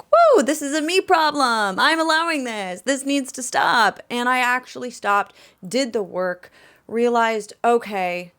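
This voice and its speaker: A young woman speaks at a middle pitch in a candid, rambling vlog, recorded close to the mic in her bedroom. She talks chattily and keeps circling back with fillers and self-corrections. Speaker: vlogger and musician.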